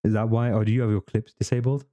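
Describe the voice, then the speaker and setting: A man's voice: on the low side, little pitch movement, fast talker, dark tone. A man live-streaming a video game, chatting casually with viewers, swearing often and teasing in mock-grumpy banter. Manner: greets and chats with viewers while playing.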